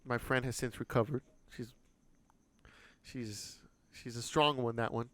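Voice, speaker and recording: A man co-hosting a podcast, telling a story in casual chat, animated and swearing freely. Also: medium pitch, unhurried, dry recording. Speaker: podcast co-host.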